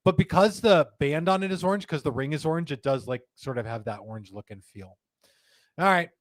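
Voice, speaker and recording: Animated, joking male live-show host. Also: on the high side, brisk, no room sound. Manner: animated and joking, reads viewer comments aloud. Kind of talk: casual live-stream chat. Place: indoor studio room with a humidor.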